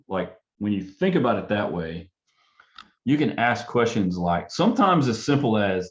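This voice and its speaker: A man's voice: fairly low pitch, very animated, fairly quick, highs cut off. A man, a counselor, talking casually about helping parents and adults, often acting out questions he would ask them. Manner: acts out client and parent dialogue in a softer, curious tone. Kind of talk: casual panel talk.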